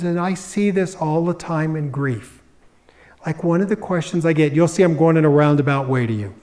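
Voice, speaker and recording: A man's voice: sits high, darkish tone. A middle-aged man giving a public talk as a grief expert, telling stories and acting out the voices of the people in them. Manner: storytelling, acts out quoted voices. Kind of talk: public presentation.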